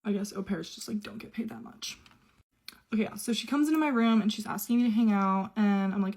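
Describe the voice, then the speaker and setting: A woman's voice: mid-range voice, fairly quick, darkish tone. A young adult woman telling her own story in a casual way, chatty and run-on, with quoted dialogue.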